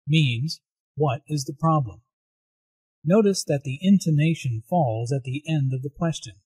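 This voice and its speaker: Male lesson narrator: slightly high, husky voice, dry studio sound, deliberate explanations. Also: a little mellow, dry recording. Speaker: English teacher.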